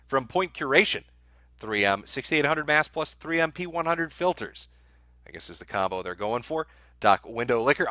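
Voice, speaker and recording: A man's voice: medium pitch, pushed and bright, no room sound. A man hosting a live stream, reading out viewer messages and answering them with sardonic, profane commentary.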